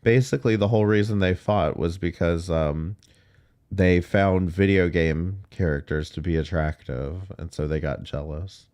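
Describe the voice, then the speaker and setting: A man's voice: low voice, steady tone, normal speed, darkish tone, clear, resonant tone. A man hosting a reaction commentary, talking in sarcastic, profane and skeptical asides. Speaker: commentary host.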